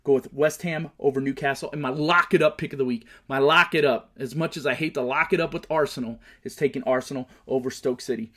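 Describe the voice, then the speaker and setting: A man's voice: mid-range voice, steady tone, a little fast, hardly any pauses, a bit bright. A man hosting his own show, giving casual sports picks and movie talk, swearing and ranting hotly about his team. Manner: profane, heated ranting. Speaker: show host.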